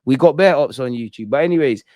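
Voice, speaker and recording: A young man hosting a casual football fan commentary show, talking in a blunt, excitable way full of slang. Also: mid-range voice, fast talker, dry recording, studio quality. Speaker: football channel host.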